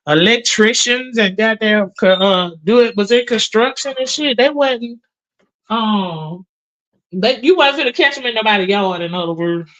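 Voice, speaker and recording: A middle-aged woman hosts a livestream, chatting casually and profanely while doing chores and calling her viewers honey and girl. Her voice is fairly high with lively intonation and a fairly bright tone, though the audio is poor. She tells stories in a drawn-out, emphatic way.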